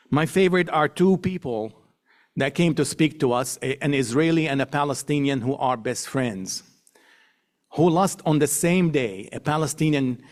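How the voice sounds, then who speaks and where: A middle-aged man giving a public talk to an audience, emphatic, building points through repetition and lists, slowing down to stress key words. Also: mid-range voice. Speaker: guest speaker.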